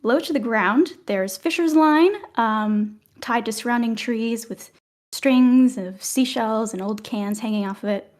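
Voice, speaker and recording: Woman game master, fairly high voice, rambling scene descriptions, casual. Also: a little slow. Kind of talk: narrating a tabletop game.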